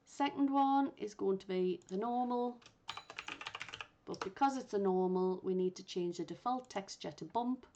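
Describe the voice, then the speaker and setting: A woman teaching a software session at an unhurried, patient pace, explaining each step and thinking aloud as she clicks through. Her voice sits at an ordinary middle pitch. The recording is a little muffled and lo-fi. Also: noisy background. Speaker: instructor.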